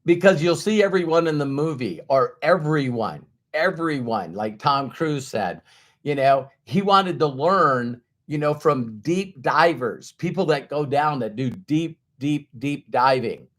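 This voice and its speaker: Man, motivational speaker, fairly high voice, very lively pitch, acts out voices. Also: measured pace. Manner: animated, acts out everyday inner voices. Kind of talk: motivational talk to an audience.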